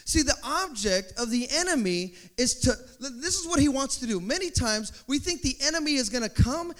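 A very high-pitched man preaching with a bright, ringing tone and a pitch that swoops all over. He preaches animatedly, acting out little scenes and building up to shouts. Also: animated, normal speed. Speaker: pastor. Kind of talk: sermon.

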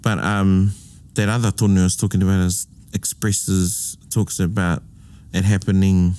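A man's voice: low-pitched, flat delivery, moderate pace, warm tone. A man casually explaining Māori phrases and idioms, patiently giving examples and translations. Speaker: te reo Māori expert. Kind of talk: casual language chat.

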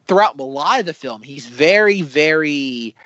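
A man talking casually as podcast co-host, animated and full of filler words. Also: a little high, moderate pace, dry recording, muffled recording. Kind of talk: casual film discussion.

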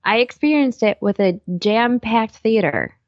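A woman's voice: fairly high pitch, animated, a little slow, no echo, lo-fi sound. A woman in her thirties, a co-host chatting casually and acting out her own reactions over a video call. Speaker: podcast co-host. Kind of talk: casual chat.

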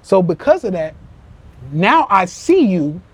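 Husky and high-pitched, this man takes his time yet sounds very animated as he hosts a live social media rant podcast on his phone. He swears, repeats himself, speaks emphatically, and acts out quotes with gusto.

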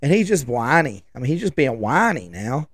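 A man's voice: mid-range voice, very animated, normal speed, no room sound. A man, hosting a podcast and telling rambling, chatty stories. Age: 40s. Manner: rambling, chatty, restarts and trails off. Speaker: podcast host. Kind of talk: casual rambling storytelling.

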